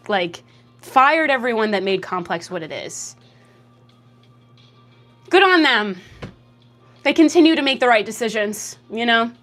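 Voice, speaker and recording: A young woman livestreams from home, reading and answering chat comments in a loose, jokey way. Her voice jumps up in pitch when she gets excited, and she speaks into a desk mic. Faint music plays under her talk. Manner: lively, jokey, reacts to chat with laughs and big pitch jumps. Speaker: streamer.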